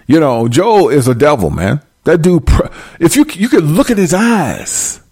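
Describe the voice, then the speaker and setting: A man's voice: fairly high pitch, very animated, unhurried, darkish tone, slightly rough. A man delivering a profane, preachy comedic rant straight to his viewers.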